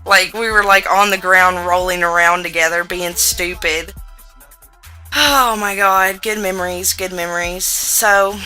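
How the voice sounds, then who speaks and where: A young American woman in her twenties with a Southern twang, telling rowdy stories in a casual gaming vlog, loud and profane. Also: lowish voice, steady tone, a little slow, soft background music, low-quality recording. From United States. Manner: loud, profane, laughing storyteller with a drawl. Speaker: gaming YouTuber.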